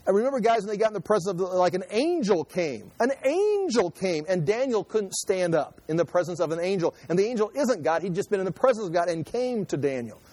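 A man giving conversational Bible teaching in an animated, joking way, acting out quotes and often restarting his sentences. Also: high voice, brisk, few pauses, no echo. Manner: animated, jokey, acts out quotes, frequent restarts. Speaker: preacher.

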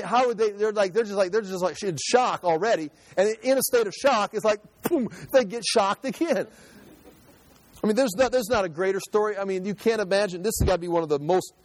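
High-voiced animated male preacher. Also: dry recording, poor audio. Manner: animated, dramatizing scripture with interjections. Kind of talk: expository Bible teaching.

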